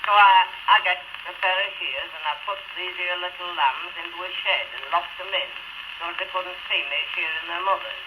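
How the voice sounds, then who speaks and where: A man's voice: steady tone, fairly quick, lightly acted. A man playing a cheerful, simple young Yorkshire shepherd with a northern dialect, chuckling as he talks, in a comic music-hall monologue. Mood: boastful. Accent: northern English dialect. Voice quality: high chirpy voice, chuckling between lines. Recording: scratchy early 78 rpm record.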